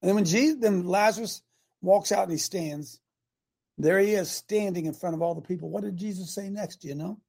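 An older man hosting a casual morning show, preaching in a folksy, emphatic way and swinging from loud declarations to quiet asides. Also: high-pitched, brisk, gravelly. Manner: folksy, emphatic, rises and drops loudness for effect. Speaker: host.

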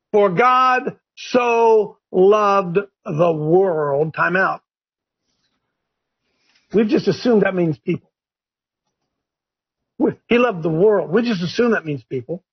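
A man hosting a Bible discussion, preaching emphatically, shouting verses and firing rhetorical questions. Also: high voice, animated, unhurried, pauses often, breathy edge, muffled recording. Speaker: host leading a Bible discussion. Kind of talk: fiery preaching-style Bible talk.

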